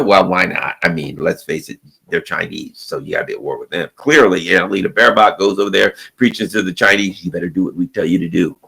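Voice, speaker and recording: A man's voice: medium pitch, vocal fry, fairly bright tone, slightly rough, rough recording. A man giving a ranting solo political commentary in a sarcastic style, repeating himself and restarting phrases often. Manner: sarcastic, repetitive, with frequent restarts.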